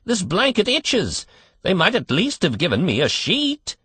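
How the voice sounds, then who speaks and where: A cracked, whiny old man, put on by a male reader, grumbling and complaining from his crib. His quavering voice jumps high above the reader's own, swoops all over, and sounds husky. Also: wildly swooping pitch, unhurried, bright, forceful tone, dry recording, exaggerated voice. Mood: querulous.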